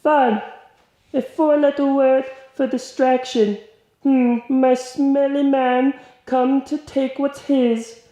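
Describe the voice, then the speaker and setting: A man playing a grandiose, cryptic eccentric who speaks in slow, dramatic, mocking proclamations. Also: very high voice, level tone, warm tone. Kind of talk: mockumentary comedy acting. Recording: echoey room with faint music.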